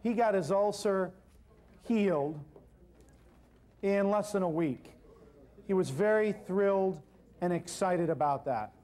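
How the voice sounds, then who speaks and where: A man giving an animated seminar talk, telling a story and addressing the audience directly. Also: high voice, slow pace, pauses often. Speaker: natural healing speaker.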